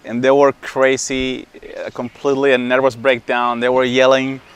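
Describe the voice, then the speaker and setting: A man of middle pitch speaks candidly in an interview, halting often and repeating words as he looks for the next thought. His delivery is plain and conversational. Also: level tone, clear, resonant tone. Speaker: interviewee, new father. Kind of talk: casual interview answer.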